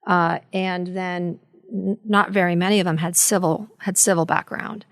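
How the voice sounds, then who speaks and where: A woman attorney speaking thoughtfully and in a measured way on a live legal panel. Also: on the low side, fairly even intonation, dry recording, clean studio sound.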